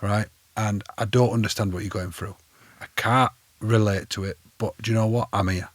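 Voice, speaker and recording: Podcast host guy, husky low voice, direct and encouraging. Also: steady tone, normal speed, no room sound. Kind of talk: candid podcast conversation.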